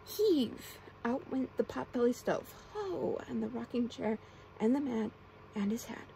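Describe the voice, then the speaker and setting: Brief: young woman, whispered role-play storyteller, soft hushed reading, a touch high, faint hiss behind. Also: fairly even intonation, normal speed, creaky, low-quality recording. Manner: soft, often whispered reading with playful character voices. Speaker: ASMR storyteller.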